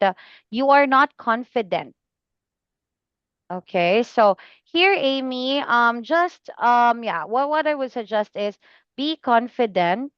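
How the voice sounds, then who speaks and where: A woman tutoring a student in speaking, patient and slow, repeating the student's name often. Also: fairly high pitch, smooth, no echo, dull audio. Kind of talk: one-on-one online lesson feedback.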